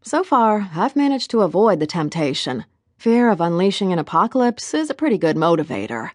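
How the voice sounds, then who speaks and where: Female audiobook narrator, low voice, wry conversational first-person read, dry sound. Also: very animated, brisk, dry recording.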